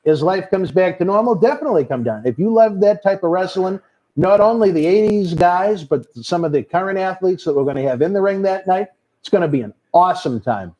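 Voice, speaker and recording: A man's voice: sits high, lively intonation, fairly quick, a little mellow, dull audio. A man with a Boston accent hosting a live wrestling watch-along, reading out viewer comments and calling people brother. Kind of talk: casual live-stream chat.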